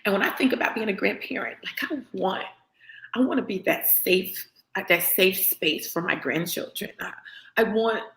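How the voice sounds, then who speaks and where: A woman's voice: mid-range voice, animated, moderate pace, gravelly, fairly bright tone. A middle-aged woman gives a personal motivational talk. She speaks earnestly and often checks in with the listener by asking "right?". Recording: roomy echo.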